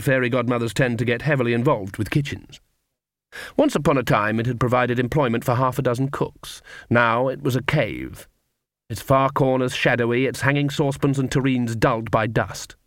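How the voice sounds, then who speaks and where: Male audiobook narrator, middle pitch, measured and wry, dry close recording. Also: dry recording.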